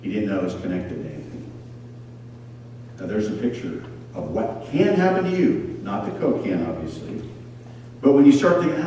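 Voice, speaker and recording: A man preaching a sermon, telling stories with lively acted-out voices. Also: lowish voice, moderate pace, long pauses, distant mic, slight background noise. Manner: animated storyteller, acts out voices. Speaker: pastor. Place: school church hall. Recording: echoey hall picked up from afar.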